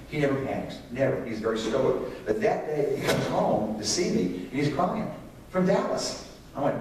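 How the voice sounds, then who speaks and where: A man's voice: mid-range voice, animated, a little fast, darkish tone, slight background noise. Preacher man in an echoey church. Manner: conversational, asks the congregation questions. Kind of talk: sermon on parenting. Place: church sanctuary. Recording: echoey hall, distant mic.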